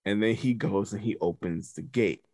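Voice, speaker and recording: A man telling a story in a casual, animated way, full of slang and profanity. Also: fairly low pitch, moderate pace, dry recording.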